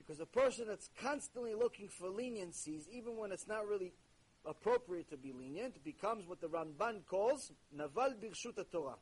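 A man delivering a recorded religious ethics lesson, talking to his listeners in an animated, conversational way. His voice is husky and pitched high. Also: moderate pace, rough recording. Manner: animated, conversational, with sudden jokes. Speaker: religious teacher.

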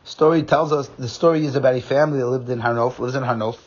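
A man's voice: mid-range voice, fairly even intonation, fast talker. A man giving a pre-Sabbath sermon as a rabbi, telling a story with earnest, repeated emphasis. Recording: dull lo-fi recording.

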